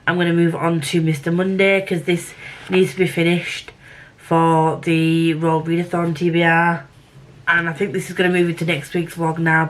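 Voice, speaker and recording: A woman's voice: lowish voice, fairly bright tone. A young woman who vlogs about books, chatting casually and thinking aloud as she rambles through her reading week. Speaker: book vlogger. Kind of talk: casual reading vlog chat.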